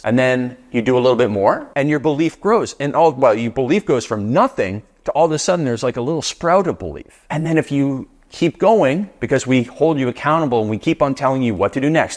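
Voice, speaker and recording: A man's voice: medium pitch, expressive, brisk. Emphatic middle-aged male business coach. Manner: emphatic, repetitive rhetorical questions. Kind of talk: motivational talk.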